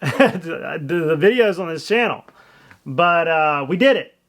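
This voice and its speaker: A middle-aged man talks casually to his viewers, sharing strong opinions and asking for their thoughts. His voice sits a little on the high side for a man. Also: expressive, takes it slowly, fairly bright tone. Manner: chatty, opinionated, asks viewers questions. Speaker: vlogger and real estate agent. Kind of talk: casual commentary vlog.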